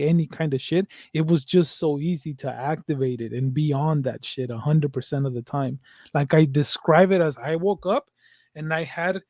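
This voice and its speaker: A young man co-hosting a podcast, speaking bluntly with heavy swearing and strong emphasis. His voice is fairly high for a man yet mellow and warm. The recording is close and dry. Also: no echo. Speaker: podcast co-host. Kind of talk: casual conversation.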